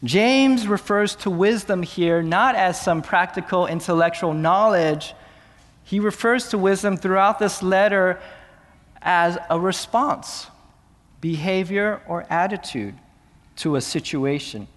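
A man preaching a sermon as pastor, moving between hushed, slow passages and raised, urgent questions. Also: high voice, long reverb tail.

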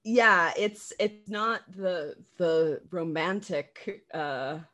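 A woman with a low-pitched voice talks through a stage production in relaxed conversation. She is animated, laughs often and circles back with fillers and restarts as she thinks aloud. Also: drawn-out words. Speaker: theater practitioner discussing a production. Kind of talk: casual conversation about a play.

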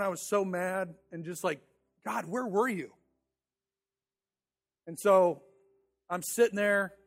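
A pastor in his thirties delivers a sermon in a relaxed, conversational way. His voice sits high for a man. He tells a story about himself with self-deprecating humor, often restarting and repeating words.

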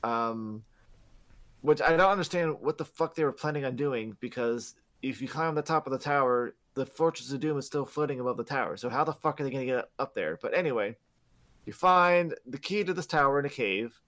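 A man's voice: mid-range voice, a little fast, fairly bright tone. A man co-hosting a podcast, casually retelling a game's plot with lots of fillers and swearing. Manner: rambling, profane, many fillers. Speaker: podcast co-host. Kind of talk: casual game recap.

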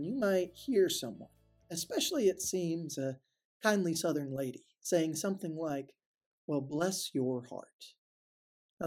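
Husky, lively woman teaching devotionally. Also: on the low side.

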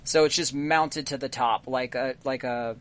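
A man narrating a tabletop game as game master, unhurried and full of fillers. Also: mid-range voice. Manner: relaxed, halting narration with many fillers.

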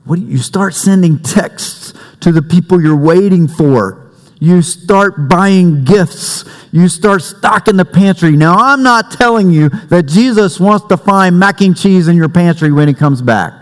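A man delivers a sermon in an unhurried, conversational way. He leans on jokes and family anecdotes. His voice carries a long reverb in a church sanctuary. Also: high-pitched. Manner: conversational preaching with humor and family stories. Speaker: pastor.

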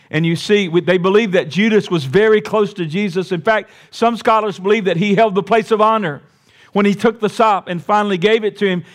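A pastor preaching a sermon, his voice sitting a little high for a man. He moves between hushed, reflective stretches and rising, insistent repetition, with homespun asides along the way. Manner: preaching with big swings from quiet to raised, emphatic repetition.

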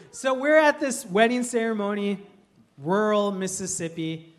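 A man's voice: high voice, expressive, measured pace. A young man from Minnesota preaching a sermon, telling humorous stories and laughing through them. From Minnesota, USA. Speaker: pastor. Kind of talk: storytelling sermon.

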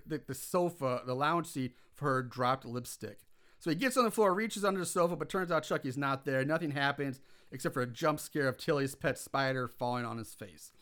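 Male co-host, casual recap chat, bright higher voice, animated. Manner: animated, swears when worked up. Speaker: podcast co-host recapping a film.

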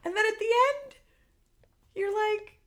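A woman co-hosting a podcast, chatting casually about movies with lots of fillers and quick retellings. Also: very high-pitched, fairly bright tone. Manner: chatty, lots of "like", acts out quotes. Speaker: podcast co-host. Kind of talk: casual chat.

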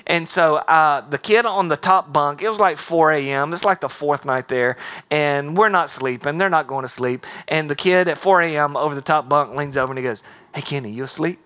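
A man's voice: a little high, moderate pace, pushed and bright. A man preaching a sermon as pastor, mixing humor and acted-out quotes into his teaching. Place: church auditorium.

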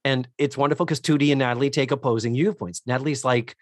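Talking fast in a medium pitch, a podcast co-host casually recaps a sitcom episode, slipping into put-on voices to act out the characters' lines. The recording is clean studio sound with no room echo.

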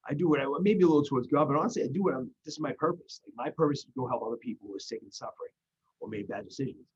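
A man's voice: mid-range voice, racing, husky, dull audio. A man in casual conversation, talking earnestly about recovery and faith, rambling with restarts. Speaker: guest in recovery.

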